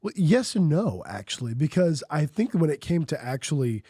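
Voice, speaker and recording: A man co-hosting a church podcast, reflecting on his calling in quick casual chat, acting out his old thoughts. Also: fairly high pitch, very animated, mellow, slightly rough, no room sound, clean studio sound. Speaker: pastor and podcast co-host.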